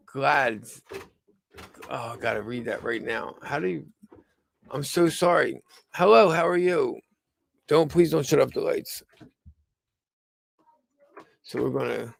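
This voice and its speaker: A tired man under the weather hosts a rambling live-stream news show from home, talking haltingly with many stumbles and restarts. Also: mid-range voice, creaky, slight background noise. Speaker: host of a livestreamed news show.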